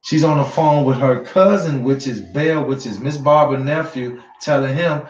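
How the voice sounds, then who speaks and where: A man's voice: medium pitch, normal speed, slight background noise. A man giving casual commentary straight to his viewers, emphatic and repetitive, swearing freely as he presses his points. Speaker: online news commentator. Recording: roomy, dull lo-fi sound.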